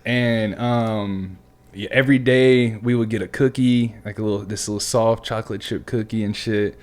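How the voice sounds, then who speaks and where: A man's voice: fairly low pitch, fairly even intonation, normal speed. A man hosting a podcast who tells stories in a casual, easygoing way, swearing freely and calling his guest man and dude. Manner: laid-back, swears freely, says "man" and "dude" often. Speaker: podcast host. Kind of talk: casual storytelling chat.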